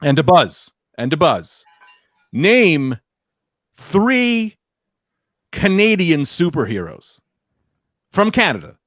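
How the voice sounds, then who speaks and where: A man's voice: fairly high pitch, wildly swooping pitch, slow pace, pauses often, no echo, clean studio sound. A man running a casual trivia quiz over a video call, reading questions, counting down and teasing the players.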